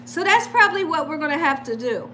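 Woman cooking live at home, bright high voice jumping all over, chatty and laughing a lot. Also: quick pace, a little hiss or hum. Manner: animated, laughs often while telling stories. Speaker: cooking channel host. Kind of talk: casual live-stream chat.

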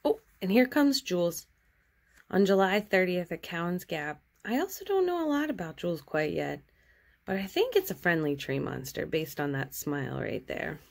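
A woman artist cheerfully and gently chatting through her sketches in a casual show-and-tell. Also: on the low side, big pitch swings, moderate pace, vocal fry.

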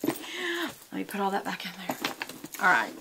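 A woman's voice: mid-range voice, wildly swooping pitch, a little slow, gravelly, very noisy. A middle-aged woman, chatting casually and rambling in a makeup and lifestyle vlog. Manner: chatty, rambling, talks while applying makeup and eating. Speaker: beauty and lifestyle vlogger.

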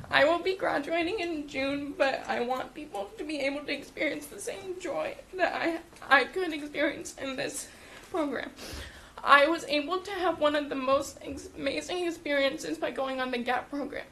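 Nervous, emotional teenage girl, high-pitched. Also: moderate pace, bright, forceful tone. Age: teens. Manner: emotional and nervous, apologizing, laughing through tears. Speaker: student speaker at public comment. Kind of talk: public comment at a school meeting. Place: school committee meeting room.

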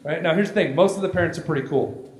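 Man, forties, stand-up comic, high lively voice, echoey live room with crowd. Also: rapid-fire, a little hiss or hum. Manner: loud, animated, often shouting for effect. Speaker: stand-up comedian. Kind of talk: stand-up comedy routine. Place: comedy stage before a live audience.

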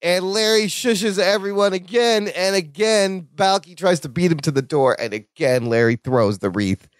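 A man co-hosting a podcast, recapping a sitcom in casual chat, animated and laughing often as he acts out the lines. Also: high voice, normal speed, no room sound. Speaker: podcast co-host.

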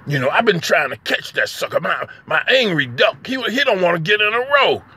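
Sixty-something guy, gravelly and bright, keeps chuckling through his rambling comedy bit. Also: high-pitched, very animated, a little fast. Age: 60s. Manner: chuckling, rambling, laughs between phrases. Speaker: poet and comedy vlogger. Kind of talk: casual comedic monologue.

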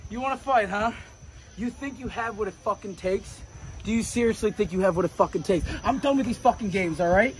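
A man's voice: sits high, brisk, slight background noise, poor audio. A man, a pro wrestler, cutting an aggressive, profane promo in a confrontation. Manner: profane, aggressive trash talk.

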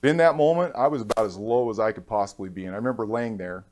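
A man's voice: fairly low pitch, background noise. Man telling a heartfelt personal story. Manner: heartfelt, halting storytelling with restarts, acts out others' lines. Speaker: keynote speaker. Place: conference stage. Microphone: stage microphone.

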